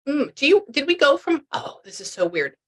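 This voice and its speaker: A woman's voice: high voice, sing-song, normal speed. Chatty rambling woman medium. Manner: chatty, rambling, many restarts and fillers. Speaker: pet psychic medium. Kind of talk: casual live reading session.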